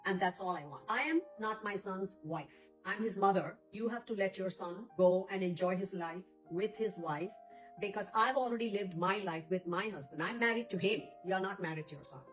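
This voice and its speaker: Woman, mother, calm earnest advice, faint background music. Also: medium pitch, moderate pace, poor audio. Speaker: mother of sons and daughters.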